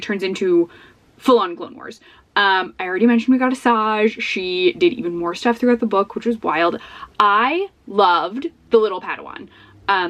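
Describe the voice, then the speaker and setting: Chatty, excitable young woman vlogging. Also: medium pitch. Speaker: book vlogger. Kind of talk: casual chat. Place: at home.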